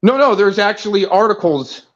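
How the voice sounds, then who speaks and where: A man's voice: high-pitched, expressive, moderate pace, highs cut off. A man hosting a livestream and arguing heatedly, cutting in with repeated denials and talking over his guest. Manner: argumentative, repeats "no, no, no", talks over others. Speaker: livestream host.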